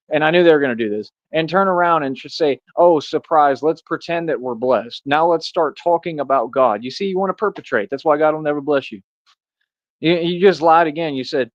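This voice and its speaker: A man rants straight at his audience, hammering the same rhetorical questions again and again. His voice sits at an ordinary pitch. The recording is dry and a little muffled. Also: dry recording. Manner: confrontational, repetitive, drawn-out rhetorical questions. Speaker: streamer. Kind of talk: ranting monologue to camera.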